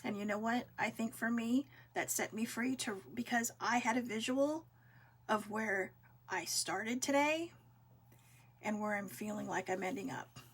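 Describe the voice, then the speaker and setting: A vlog host with a fairly high, husky voice talks a little slowly to her viewers. She's casual and heartfelt, earnest and encouraging, and uses many fillers.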